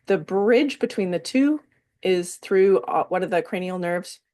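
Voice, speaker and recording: A woman leading a somatic wellness workshop, explaining calmly and stretching out some words with pauses between phrases. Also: lowish voice.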